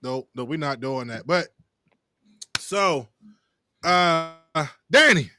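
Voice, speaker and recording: A man's voice: fairly high pitch, lively intonation, slow pace, sharp tone. A man from the US East Coast hosting a casual podcast chat, joking and laughing often. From Maryland, US East Coast. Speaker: podcast host.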